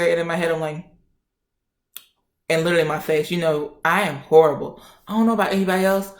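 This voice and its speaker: A woman in her twenties telling a personal story in a feisty, animated way. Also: on the low side, quick pace. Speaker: vlogger. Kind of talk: casual storytime. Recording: roomy echo.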